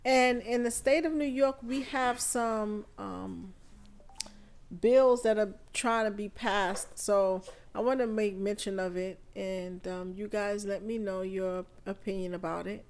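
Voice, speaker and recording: A woman hosting a live podcast stream, feeling under the weather and chatting in an unhurried, rambling way full of fillers. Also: medium pitch, steady tone, darkish tone. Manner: unhurried, chatty, thinking aloud with many fillers. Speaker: podcast host. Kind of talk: casual live-stream talk.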